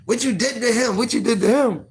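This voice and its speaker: A man's voice: extremely high pitch, a little fast, gravelly, pitched above the performer's own voice. A man voicing his old grandmother, frantic and repeating the same question. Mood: alarmed.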